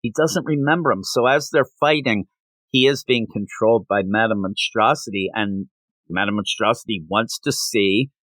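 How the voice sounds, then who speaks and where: Recapping a comic's plot on his review podcast, this male host rambles animatedly and briefly puts on voices for the characters. He has a lowish voice, and there's no echo.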